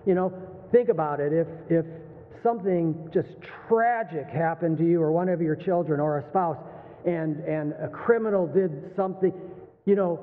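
Older pastor preaching in an echoey hall. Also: male voice, high-pitched. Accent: Texan. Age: 60s. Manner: conversational, animated, laughs and asks the room. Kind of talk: sermon. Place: church sanctuary. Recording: phone-like, thin sound with long hall reverb.

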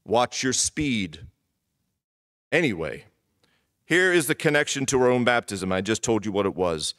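A middle-aged male pastor giving a sermon in church, emphatic and repeating key phrases, sometimes dropping to a hushed voice. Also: on the low side, sing-song, a little fast, no room sound.

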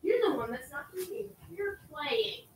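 A woman's voice: high voice, sing-song, normal speed, slight background noise, rough recording. A teenage girl vlogging at home while bathing her kittens, rambling and self-mocking, chatting to the cats. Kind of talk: casual vlog chat.

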